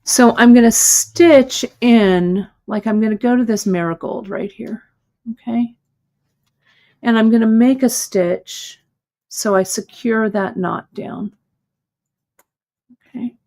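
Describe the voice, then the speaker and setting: Female host for a live hands-on lesson: measured, leisurely delivery, warm checking-in with viewers. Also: a little high. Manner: patient, step-by-step, checks in with "okay?". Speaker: host demonstrating bead embroidery. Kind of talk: live craft tutorial.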